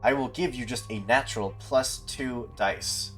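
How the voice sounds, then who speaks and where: A man's voice: medium pitch, unhurried, a bit bright, faint music behind. A man narrating and running a tabletop role-playing game as game master, describing scenes with encouraging energy.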